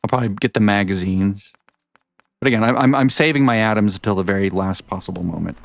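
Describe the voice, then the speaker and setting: A man with a low, gravelly voice talks his way through a game in an easy, rambling manner. He often trips over himself and starts his sentences again. The sound is dry and close, with no room around it. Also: quick pace, dry recording. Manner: rambling, self-correcting, chatty. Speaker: gaming vlogger. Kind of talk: casual game commentary.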